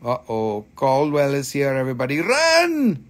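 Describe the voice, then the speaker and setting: A man's voice: a little high, unhurried, creaky. A man casually hosting a live-stream crystal sale, joking around, swearing loosely and repeating himself. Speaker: host selling crystals.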